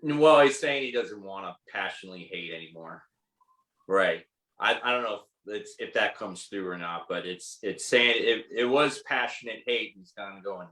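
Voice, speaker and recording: A man's voice: on the low side, normal speed, a bit bright, roomy sound, low-quality recording. A male songwriter talking casually about his music, thoughtful and explaining with many restarts. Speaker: songwriter and band leader. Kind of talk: casual interview talk.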